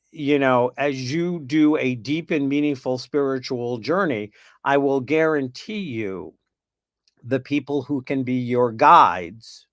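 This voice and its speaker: A man's voice: mid-range voice, a bit bright, dry recording. Man, panel host, chatty and rambling, losing his voice, dry close sound. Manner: chatty, meandering, playful asides. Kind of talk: spiritual panel discussion.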